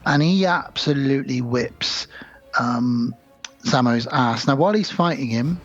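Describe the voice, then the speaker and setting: A man's voice: medium pitch, unhurried, highs cut off, faint music behind. A man co-hosting a podcast, casually retelling film scenes and acting out the lines. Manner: animated storyteller acting out lines. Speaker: podcast co-host.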